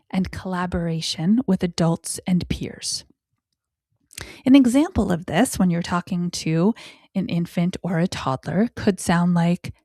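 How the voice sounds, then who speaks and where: A woman hosting a parenting talk show, speaking expressively, slowing down to stress key words and dropping into whispered asides. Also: no echo, clean studio sound. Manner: expressive, with sudden pitch jumps and whispered asides; slow, deliberate emphasis on key words. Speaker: parenting educator. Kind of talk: podcast talk on child communication.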